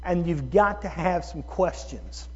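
A man preaching a sermon, moving from calm teaching to loud, excited preaching. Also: on the high side, a little slow, breathy edge. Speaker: pastor. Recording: dull sound with long hall reverb.

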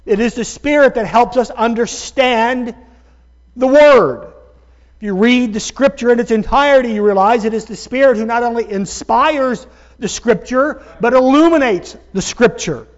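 A man's voice: extremely high pitch, muffled recording. A male pastor preaching a sermon, calling his listeners folks and stretching out key words for emphasis. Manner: emphatic preaching with slow drawn-out stresses.

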